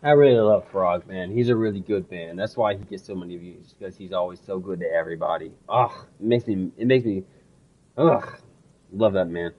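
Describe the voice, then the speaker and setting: A man's voice: deep voice, brisk, dull audio. A young man streaming a game, talking casually in a rambling, effusive way and swearing freely. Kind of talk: casual game livestream with read-aloud.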